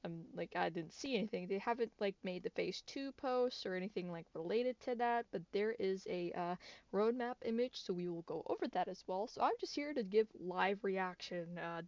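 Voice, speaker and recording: A woman's voice: mid-range voice, normal speed, dry recording. A woman hosting a gaming channel, congested from a cold, rambling through game news in a chatty way with frequent giggles and restarts. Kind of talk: casual gaming news commentary. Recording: dull, dry lo-fi mic.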